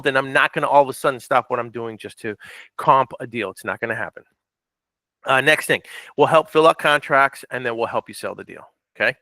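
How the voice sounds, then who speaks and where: A man's voice: medium pitch, bright, forceful tone, no echo. A man leading a real estate training session, speaking directly and repeating key points with frequent check-ins. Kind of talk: training presentation.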